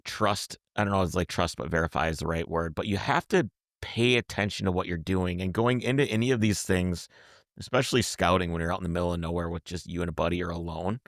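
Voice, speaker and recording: Gravelly low-voiced man telling a story. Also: quick pace, no room sound, studio quality. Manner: animated, acts out quotes, repeats and restarts words. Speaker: podcast host telling a road trip story. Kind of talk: casual storytelling chat.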